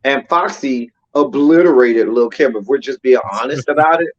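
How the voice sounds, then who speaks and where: A man's voice: medium pitch, normal speed, dull audio. A man co-hosting a casual podcast chat, looking back on music history in a reflective manner with frequent "you know" fillers. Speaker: co-host.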